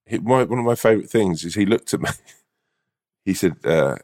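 A man's voice: deep voice, a little fast, a little mellow. A man, a comedian co-hosting a podcast, in laid-back casual chat with laughs and swearing.

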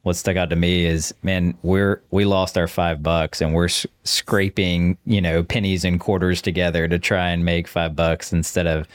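A man's voice: sits low, flat delivery, normal speed, hardly any pauses. A man on a podcast panel, casually steering a faith discussion and inviting a co-host to speak. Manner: conversational, prompting others.

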